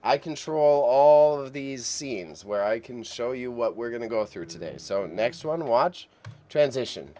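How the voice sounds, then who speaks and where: A man's voice: mid-range voice, animated, a little slow, mellow. A man hosting a casual live auction stream, chatty and self-deprecating, often repeating himself. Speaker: livestream auction host.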